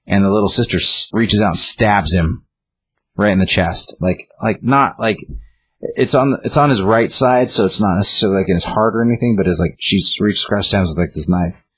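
Low husky man rambling through a retelling. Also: fairly quick, a bit bright. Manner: rambling, many "like" fillers and restarts. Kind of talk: casual chat retelling a comic.

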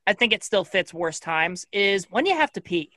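A woman hosting a casual comedic podcast chat from home over a video call, playful and quick to laugh. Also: mid-range voice, sing-song, sharp tone, no room sound, clean studio sound. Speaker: podcast host.

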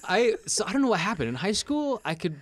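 A man's voice: high voice, big pitch swings, brisk, a crowd in the background. A man with a Midwestern American accent co-hosting a podcast, self-mocking and laughing at his own jokes. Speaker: podcast co-host. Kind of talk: casual chat.

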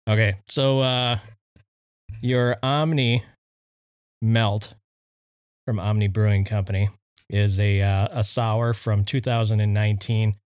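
A man's voice: lowish voice, steady tone, slow, pauses often, a little mellow, clear, resonant tone, no room sound. A man co-hosting a casual chat show, easygoing and offering facts with many fillers. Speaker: podcast co-host.

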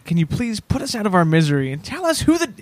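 Male co-host, high voice, wry and teasing, dry close mic. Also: big pitch swings, fast talker, no room sound. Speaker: podcast co-host. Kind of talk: casual comedic chat.

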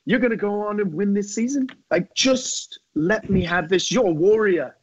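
A man's voice: high-pitched, moderate pace, dry recording, dull audio, pitched above the performer's own voice. A man impersonating a battered young male rival who pleads earnestly and slides into a pirate-like voice. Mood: pleading. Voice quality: drifts into a pirate-like voice.

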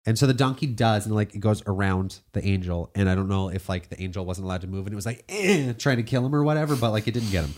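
A man's voice: lowish voice, fast, few pauses, darkish tone. A young man co-hosting a podcast, retelling a story in a laid-back, sarcastic way and swearing freely. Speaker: podcast co-host. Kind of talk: casual profane storytelling.

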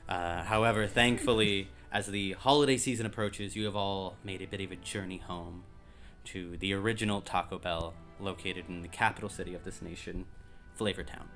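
A low-pitched man narrates a tabletop adventure as game master and pauses often with ums. Soft music plays faintly behind him. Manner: relaxed, many ums while describing.

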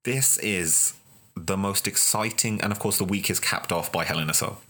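Deep-voiced man, impassioned wrestling monologue. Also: moderate pace, pushed and bright. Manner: emphatic, builds with repeated phrases. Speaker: wrestling video host.

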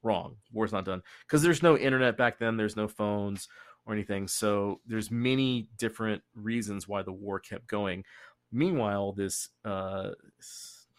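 A man with a Texan accent, hosting a podcast and telling history in a casual, profane way, laughing often and doing quick voices. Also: on the low side, dry recording. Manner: profane, laughing, animated storytelling. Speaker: podcast host.

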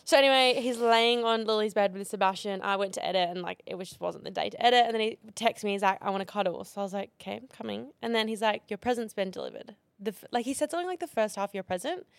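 A woman's voice: mid-range voice, quick pace, vocal fry, few pauses, no echo. A young woman in her twenties co-hosting a casual podcast, telling a story with lots of fillers. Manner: animated storytelling with many fillers. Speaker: podcast co-host. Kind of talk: casual chat.

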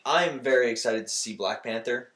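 A man hosting a casual podcast chat, animated and quick to laugh. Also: medium pitch, roomy sound. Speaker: podcast host.

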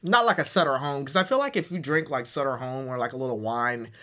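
A man's voice: mid-range voice, quick pace, sharp tone. A man in his thirties, a podcast host rambling through a profane, self-mocking comedic monologue. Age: 30s.

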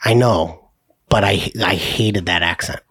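A man co-hosting a podcast in casual chat, joking and animated. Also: deep voice, unhurried, breathy edge. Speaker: podcast co-host.

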